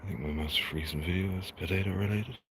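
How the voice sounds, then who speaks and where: A man with an Irish accent hosting a casual live gardening walkthrough, soft-spoken and mumbly, often half-whispering to his plants and insects. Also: low-pitched, fast talker. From Ireland. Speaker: gardening livestream host. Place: outdoor vegetable garden. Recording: noisy outdoor livestream audio.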